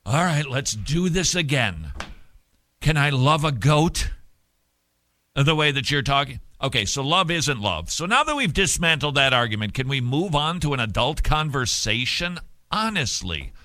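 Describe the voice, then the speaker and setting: A man's voice: medium pitch, very animated, measured pace, bright, forceful tone, dry recording. A man hosting an opinion show, giving mocking, sarcastic commentary. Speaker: show host.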